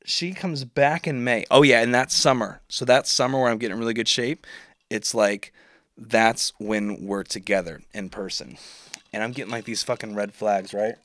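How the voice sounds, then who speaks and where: A man's voice: mid-range voice, moderate pace, a bit bright, dry recording. A man, telling a story on his podcast in a rambling, profane, self-mocking way. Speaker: podcast host. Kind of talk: casual storytelling monologue.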